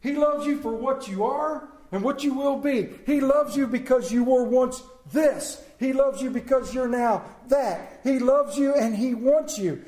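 A man's voice: very high voice, unhurried, hardly any pauses, darkish tone. A man preaching a sermon in a church, emphatic and plain-spoken, with rhetorical questions, repeated phrases and folksy asides. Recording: echoey room.

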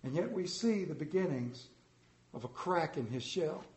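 High-voiced playful preacher man. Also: normal speed. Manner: animated, playful, mimics voices in anecdotes. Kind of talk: storytelling sermon. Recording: echoey room.

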